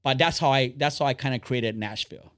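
A man hosting a casual podcast, talking fast and bluntly, rambling and swearing freely. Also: mid-range voice, fairly bright tone, clear, resonant tone, no echo, studio quality. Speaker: podcast host.

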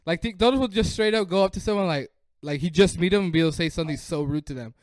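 A young man with a high voice jokes and teases his friends on a casual podcast. His voice is recorded close and dry, with almost no room sound. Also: racing, dry recording. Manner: playful, laughing, teasing banter. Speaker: podcast co-host. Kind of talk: casual chat among friends.

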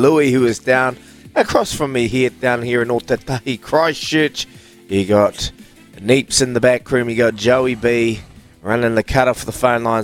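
A man with a New Zealand accent hosting a breakfast sports radio show from a studio, announcing in a quick, upbeat way. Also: mid-range voice. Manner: upbeat, rapid-fire announcing with lots of lift.

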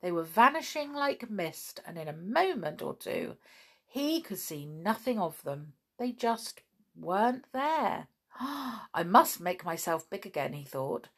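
A woman reading a children's story aloud with gentle, expressive delivery. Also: medium pitch, slow pace.

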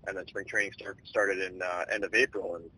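A man in his twenties, a baseball player, telling his story in a relaxed, rambling way with many fillers. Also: deep voice, fairly quick, breathy edge, poor audio. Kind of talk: casual storytelling interview.

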